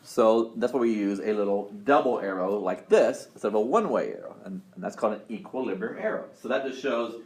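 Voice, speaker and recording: A man's voice: on the low side, lively intonation, brisk, few pauses. Man lecturing in a roomy classroom. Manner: upbeat, quizzing students, many restarts. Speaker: college chemistry instructor. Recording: roomy classroom sound, faint noise.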